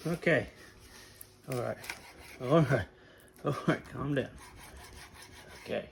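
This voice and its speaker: Man, from england, casual cooking vlog, self-mocking banter, gravelly, faint background hiss. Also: medium pitch, slow, low-quality recording. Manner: joking, self-mocking, talks to his dogs. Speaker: cooking vlogger.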